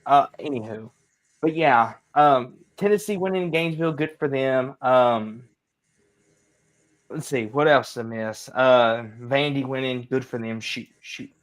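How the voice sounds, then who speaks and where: A man's voice: medium pitch, unhurried. A young man co-hosting a casual sports livestream, teasing his friends and laughing as he talks. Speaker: co-host.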